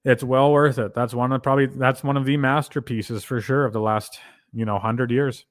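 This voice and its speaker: A Canadian man with a mid-pitched voice explains ideas as a host, building each point with examples. He tends to check in with the listener. The sound is close and dry, with no room echo. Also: fairly even intonation, moderate pace. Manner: lecturing, explains with examples, ends points with "right?". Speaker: podcast host. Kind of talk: casual conversational commentary.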